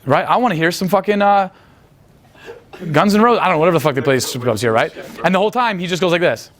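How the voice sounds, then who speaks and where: A man with a fairly high voice rattles off crude, boastful stories at a quick clip. He rambles from one point to the next and swears freely, as a guest in a loose, casual interview. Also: animated, a bit bright. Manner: crude, profane, rambling storytelling. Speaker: guest talking about picking up women.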